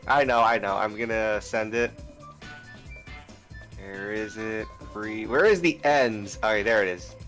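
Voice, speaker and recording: Bright-voiced young man chatting on stream. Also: on the low side, measured pace, faint music behind. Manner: rambling, restarts often, easygoing. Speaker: streamer host. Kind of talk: casual stream chat.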